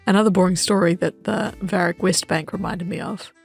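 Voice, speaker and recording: A woman casually narrating her gameplay in an excitable, chatty way. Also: lowish voice, vocal fry, slightly rough, faint music behind. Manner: excitable, chatty, quick laughs and gasps. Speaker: gaming vlogger.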